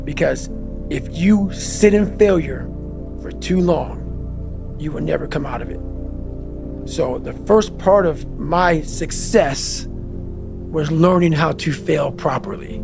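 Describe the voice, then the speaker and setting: Man, fairly high voice, gravelly, fiery and profane, motivational talk, faint music underneath. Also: slow, long pauses. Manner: passionate, profane, emphatic. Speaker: podcast guest. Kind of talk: intense motivational monologue. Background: faint background music.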